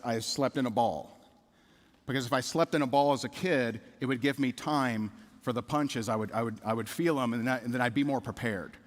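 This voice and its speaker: A man's voice: medium pitch, fairly bright tone. Candid man speaking in a big hall. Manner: candid storytelling, repeats words, asks the audience questions. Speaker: keynote speaker. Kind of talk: motivational speech. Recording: reverberant hall.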